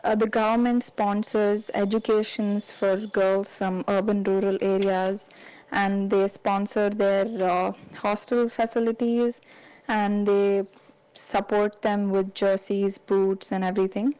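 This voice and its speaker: Mellow woman, a state sports representative. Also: mid-range voice, flat delivery, a little slow, smooth, soft background music, low-quality recording. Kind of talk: interview answer.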